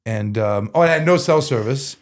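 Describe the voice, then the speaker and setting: Animated and moderately paced, this mid-range male voice belongs to a podcast guest spinning a story. His telling wanders loosely, peppered with "like" and frequent self-corrections.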